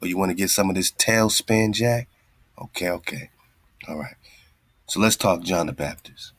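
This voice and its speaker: A man's voice: sits low, normal speed, a bit bright. A man hosting a casual talk show, speaking loosely in street slang and taunting a played clip between laughs. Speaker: podcast host. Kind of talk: casual mocking commentary.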